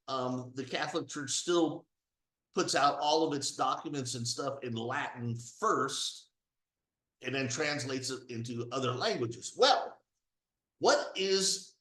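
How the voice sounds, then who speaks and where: A man's voice: a little high, pushed and bright, reverberant. A man talking casually to his viewers in a rambling, emphatic way, full of fillers and restarts. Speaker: video blogger. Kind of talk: casual monologue to camera.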